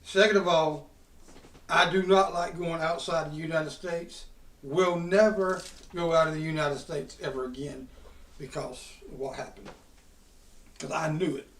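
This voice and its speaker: A man's voice: on the high side, steady tone, unhurried, fairly bright tone. A man, hosting a podcast and telling a rowdy, profane story in a casual drawl. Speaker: podcast host. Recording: roomy sound from a distant mic.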